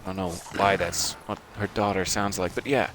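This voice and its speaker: A man's voice: sits low, fairly even intonation, normal speed, noisy background. A man giving casual, chatty commentary while playing a video game, thinking aloud and joking at himself. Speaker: let's play gamer.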